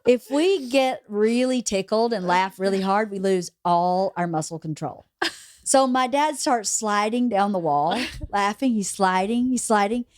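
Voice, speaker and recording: A woman hosting a podcast, telling a story in a lively, casual way and laughing as she goes. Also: a little high, moderate pace, no room sound, clean studio sound. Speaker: podcast host.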